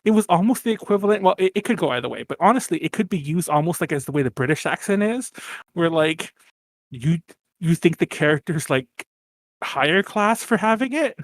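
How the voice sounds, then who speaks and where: Rambling higher-pitched man on a podcast. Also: expressive, fairly quick, dry recording. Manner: rambling, lots of fillers and restarts, laughs often. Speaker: podcast co-host. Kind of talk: casual chat.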